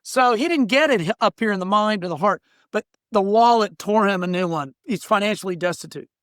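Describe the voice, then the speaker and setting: This middle-aged man, a diversity trainer and workplace coach, uses a high, expressive, fairly bright voice that's smooth and brisk. On a podcast he animatedly recounts blunt stories, acting out those he quotes. The studio-quality recording has no echo.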